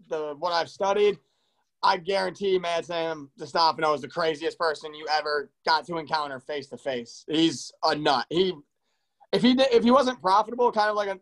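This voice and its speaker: Man, podcast host, quick, high voice, casual chat, eager interjections. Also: low-quality recording. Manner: eager, chiming in with quick agreement.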